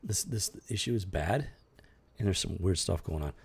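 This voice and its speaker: Gravelly husky guy ranting about a comic, totally fed up. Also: sits low, lively intonation, moderate pace. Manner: exasperated, incredulous ranting. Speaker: podcast host reviewing comics. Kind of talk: casual comic review commentary.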